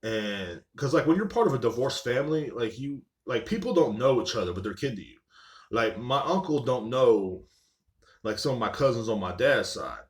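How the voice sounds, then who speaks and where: A man's voice: medium pitch, lively intonation, moderate pace. A young man hosting a casual solo podcast, telling rambling, profane stories full of "like" and "you know what I'm saying". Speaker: podcast host.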